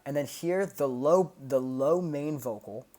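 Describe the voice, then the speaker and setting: A man's voice: on the high side, measured pace. A man streaming a casual breakdown of his own songs, explaining loosely with lots of fillers and sung sound effects. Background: loud music playing from the track.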